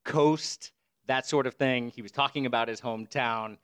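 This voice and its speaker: A man's voice: medium pitch, normal speed, fairly bright tone, clean tone. A man chatting casually as co-host, telling a rambling story and laughing often. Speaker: podcast co-host. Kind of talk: casual chat. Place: Brooklyn.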